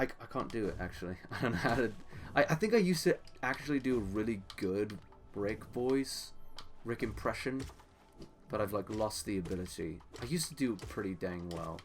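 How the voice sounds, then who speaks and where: Lowish-voiced young man streaming a game. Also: a little fast, faint music behind. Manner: rambling, talking to himself and chat. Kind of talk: live gameplay commentary.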